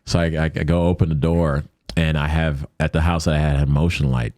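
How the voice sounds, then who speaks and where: A man with a very deep voice tells a personal story as a podcast guest, loose and rambling with frequent restarts. He jumps up into the voices of the people he quotes. The sound is dry and close, with no room around it. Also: fairly quick, dry recording. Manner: animated, acts out quoted voices. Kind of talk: casual storytelling.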